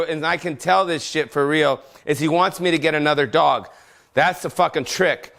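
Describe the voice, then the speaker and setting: Man, comedic podcast host, rambling, profane, gravelly voice, slightly raised pitch, home setting. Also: normal speed, a bit bright. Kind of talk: casual unscripted rant.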